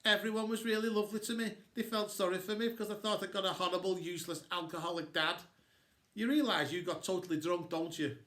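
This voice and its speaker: A man's voice: sits high, fairly even intonation, fast talker, a bit bright, roomy sound. A man reading a story aloud, voicing a chatty, show-off young girl who brags and teases. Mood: bragging. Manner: bubbly and bragging.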